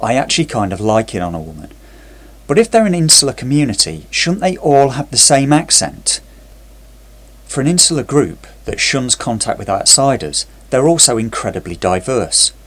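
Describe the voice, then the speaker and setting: A man narrating a scripted TV review in a sarcastic, critical way. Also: lowish voice.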